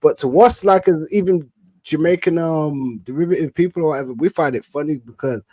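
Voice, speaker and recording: A man from the UK co-hosting a casual chat, reflective and unhurried, trailing off with fillers. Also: a little high, mellow, dry recording. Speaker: podcast co-host.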